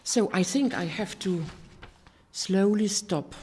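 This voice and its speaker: Older lady preaching slow and halting, lots of ums, echoey hall. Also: mid-range voice, a little mellow, slight background noise. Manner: earnest, halting, with many restarts and fillers. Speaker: sermon giver. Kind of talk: personal testimony sermon. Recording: hall reverb.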